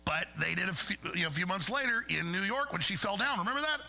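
Gravelly, fired-up male talk host. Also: high voice, lively intonation, fast talker, pushed and bright, rough recording. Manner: angry, digressive, mocking impressions. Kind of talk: ranting monologue.

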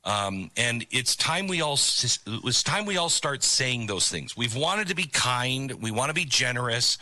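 A man's voice: mid-range voice, expressive, moderate pace, pushed and bright, dry recording. A middle-aged man hosting an opinion commentary show, talking in an emphatic, preachy way about a video clip. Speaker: commentary host.

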